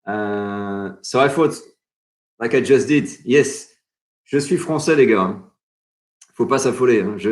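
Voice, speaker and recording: A man from France with a French accent, hosting a cooking channel live stream in casual chat, reading out and answering viewer comments. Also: mid-range voice. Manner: chatty, reads viewer comments aloud and answers them.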